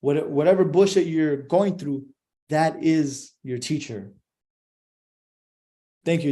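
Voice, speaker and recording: A man's voice: fairly high pitch, takes it slowly, long pauses, mellow. A young man giving a profane, emphatic motivational monologue, swearing constantly.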